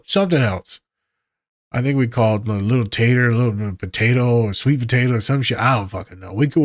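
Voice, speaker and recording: A man's voice: mid-range voice, dry recording, studio quality. A man, a therapist hosting a podcast, talking casually, candid and profane with a joking edge.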